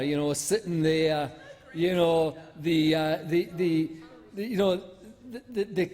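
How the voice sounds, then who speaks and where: A man's voice: on the high side, a little mellow. A man speaking as a senator in a parliamentary debate, rambling and mocking, with lots of fillers and restarts. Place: large debating chamber. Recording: echoey chamber reverb.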